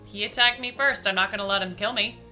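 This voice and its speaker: A woman playing a tabletop game, chatty and quick to giggle. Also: mid-range voice, steady tone, sharp tone, faint music behind. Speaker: player.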